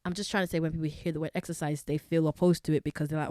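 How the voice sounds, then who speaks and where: Woman host, young, low voice, dry close sound, chatty with many fillers, casual solo podcast. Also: steady tone, rapid-fire, creaky, darkish tone, no room sound.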